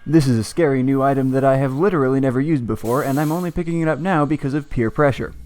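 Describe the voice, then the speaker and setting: Sarcastic deadpan man narrating gameplay. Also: mid-range voice, fast talker. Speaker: gameplay commentator. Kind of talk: comedic scripted let's-play commentary.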